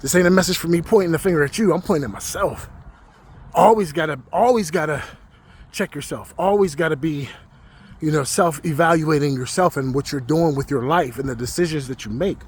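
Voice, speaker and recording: A man earnestly recounting a frightening dream to his followers, slowing down and stressing words for emphasis. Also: a little high, slightly rough. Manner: earnest, emotional, slows down for emphasis. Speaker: Christian social media creator.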